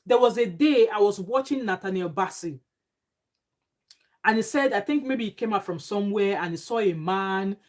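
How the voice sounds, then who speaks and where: A woman's voice: mid-range voice, animated, moderate pace. A Nigerian woman vlogger giving emphatic, indignant casual commentary with pidgin phrases. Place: home abroad.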